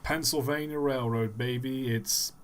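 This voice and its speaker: A man's voice: mid-range voice, fairly even intonation, unhurried, a little hiss or hum. A man live-streaming and giving rambling, wry commentary with the odd chuckle.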